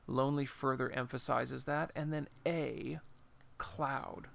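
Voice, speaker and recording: A man with a gravelly, mid-pitched voice talks through a poem as an informal lesson. He speaks off the cuff, pausing to recall things and apologizing, then slows right down to read each verse line aloud. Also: flat delivery, fairly bright tone. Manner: unscripted, thinks aloud with pauses and apologies; reads verse lines slowly and deliberately. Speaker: poetry teacher.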